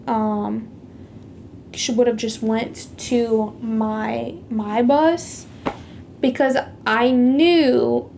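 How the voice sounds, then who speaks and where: A woman with a fairly high, creaky, slightly mellow voice tells a personal faith testimony on her vlog, with slight background noise. She's casual and chatty, leaning on "like" a lot and putting heavy stress on the big moments of an old conflict.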